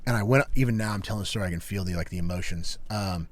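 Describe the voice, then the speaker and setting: A man's voice: sits low, racing, no echo. A man co-hosting a podcast, telling a personal story in casual chat, emphatic and peppered with "like" and "dude". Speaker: podcast co-host.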